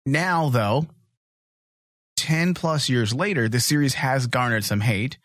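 A man's voice: medium pitch, takes it slowly, a bit bright, dry recording, studio quality. A man co-hosting a podcast, chatting crudely and ranting in a brash, joking way. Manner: brash, joking, mock-macho rants. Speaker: podcast co-host. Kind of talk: crude comedic podcast chat.

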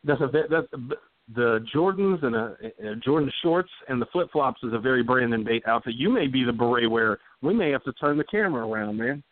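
A man's voice: medium pitch, expressive, brisk, dry recording. Man co-hosting over a tinny line. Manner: joking, reads listener questions aloud. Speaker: podcast co-host. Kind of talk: casual podcast chat. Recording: dry, phone-like sound.

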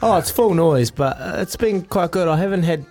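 A New Zealand man co-hosting a breakfast radio show in a studio, telling relaxed childhood stories with fillers and laughs. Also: on the high side, moderate pace, soft background music. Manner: laid-back storytelling with frequent laughs and fillers. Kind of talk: casual radio banter.

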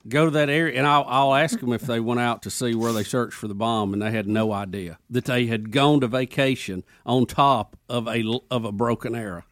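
A man's voice: mid-range voice, fairly even intonation, a little fast, few pauses, a bit bright, no echo. Chatty male radio co-host. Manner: chatty, interjects facts. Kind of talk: casual radio banter.

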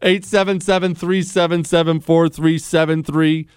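A man's voice: on the high side, level tone, moderate pace, few pauses, smooth, no echo, studio quality. A man hosting a talk radio show, blunt and emphatic, repeating his lines for punch. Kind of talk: opinionated talk radio monologue.

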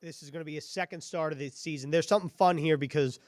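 A man hosting a sports podcast in a casual chat, upbeat with quick asides while reading out quiz questions. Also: a little high, fairly even intonation, darkish tone, dry recording, clean studio sound. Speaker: podcast host.

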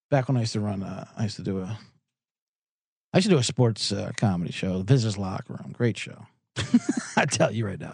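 A man rambles through a sports betting show, sarcastic and swearing freely. His pitch swings up and down all over the place. The sound is dry and close, with no room around it. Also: gravelly, breathy edge, no echo. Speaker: sports betting podcast host. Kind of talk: profane comedic sports chat.

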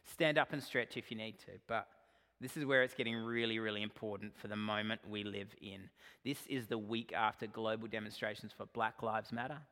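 A male pastor giving a sermon to his church, earnest and direct, swinging from emphatic points to quiet asides. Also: lowish voice, level tone, brisk. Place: church sanctuary. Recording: long hall reverb.

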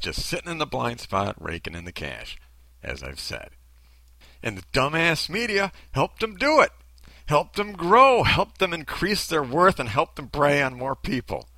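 Male commentator, sarcastic, blunt, bright-toned, very animated delivery. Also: medium pitch, no echo, rough recording. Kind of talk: ranting commentary.

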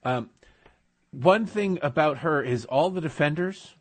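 A man co-hosting a talk radio show, delivering sarcastic, deadpan jokes and heated rants. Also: on the high side, measured pace. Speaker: radio co-host. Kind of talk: casual talk radio banter.

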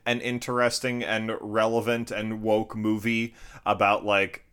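A man's voice: lowish voice, level tone, measured pace, fairly bright tone, clear, resonant tone. A man from Florida co-hosting a casual film review podcast, dry and sarcastic in his remarks.

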